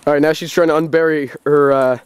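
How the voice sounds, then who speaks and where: A man filming his dog on a rural front lawn and calling to her in high sing-song calls with chuckling asides. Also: fairly even intonation, quick pace, dry recording. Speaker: vlogger. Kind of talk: casual vlog, playing with his dog. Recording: outdoor recording with clear background noise.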